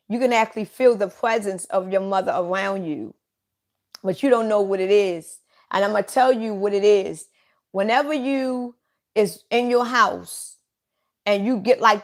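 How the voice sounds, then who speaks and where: Blunt, repetitive woman giving a psychic reading. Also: mid-range voice. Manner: blunt and repetitive, with casual swearing. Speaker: psychic reader. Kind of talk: live psychic reading addressed to one listener.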